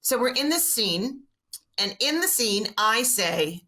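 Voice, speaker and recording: Brief: bright, lively woman comic storyteller, swings her pitch around acting out lines. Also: measured pace. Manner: animated, acts out quotes in voices. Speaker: guest comedian.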